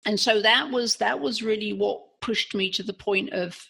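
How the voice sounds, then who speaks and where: A woman's voice: medium pitch, normal speed, vocal fry, bright, forceful tone, slightly rough. A woman with an English accent telling her own story as a podcast guest, earnest and analytical, often restarting her sentences. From England. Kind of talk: candid personal storytelling.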